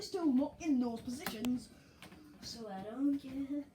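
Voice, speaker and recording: A woman talks her way through a football video game, reacting in a chatty, excitable way. Her voice sits a little high. A faint hiss runs under her voice. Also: takes it slowly. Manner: chatty and excitable, talking to herself over gameplay. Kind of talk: let's play commentary.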